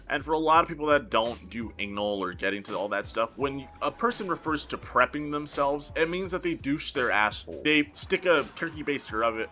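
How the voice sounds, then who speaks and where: Animated, crude young-sounding storyteller man. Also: mid-range voice. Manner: vulgar, animated, swears a lot.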